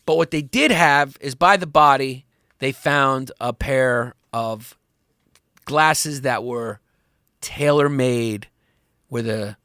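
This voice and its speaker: A man hosting a comedy history podcast, rambling and profane, swinging up and down in pitch as he talks. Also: takes it slowly, pushed and bright, clean tone, no echo, clean studio sound. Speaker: podcast host.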